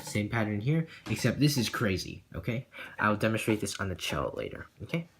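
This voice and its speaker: A man's voice: lowish voice, normal speed, a bit bright, slight background noise. A man teaching a cello piece, singing the rhythms aloud as "da, da" and often checking in with "okay?", with casual apologetic asides. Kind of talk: music lesson walkthrough.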